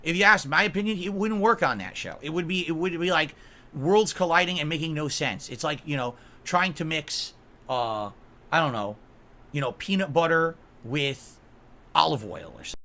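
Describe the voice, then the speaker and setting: A man's voice: a little high, moderate pace, sharp tone. A man on a livestream, ranting in an aggrieved, emphatic way, swearing and asking his viewers "right?" again and again. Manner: aggrieved, repeatedly asks "right?" and "okay?". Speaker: streamer.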